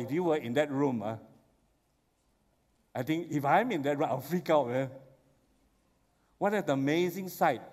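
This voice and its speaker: Animated high-voiced pastor. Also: male voice. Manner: animated storytelling, rises to excited exclamations. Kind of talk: sermon. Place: church sanctuary. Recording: long church hall reverb.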